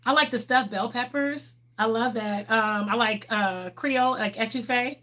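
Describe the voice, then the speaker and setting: A woman's voice: on the high side, moderate pace, fairly bright tone. A middle-aged woman, chatting candidly on a livestream and answering viewers' questions, laughing often. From Texas, USA. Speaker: livestream host.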